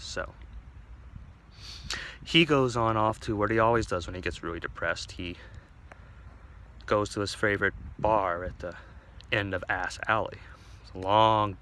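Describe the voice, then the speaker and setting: A man telling a comic story aloud, playful and animated, recorded on a phone outdoors. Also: fairly low pitch. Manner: animated, playful, voices many characters. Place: outdoors at a cemetery.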